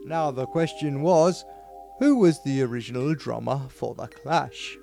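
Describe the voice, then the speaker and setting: Brief: man, playful podcast co-host, mid-pitched, jokey banter, faint music underneath. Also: a little slow, creaky, dark tone. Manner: jokey, playful, laughs often.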